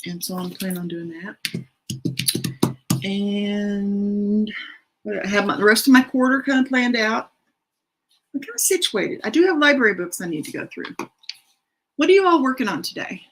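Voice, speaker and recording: A woman's voice: mid-range voice, moderate pace, pauses often, a little hiss or hum, rough recording. A middle-aged woman hosting a writing sprint stream from her home, chatting casually and rambling with self-deprecating asides. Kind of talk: casual livestream chat, reading out comments. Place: home room.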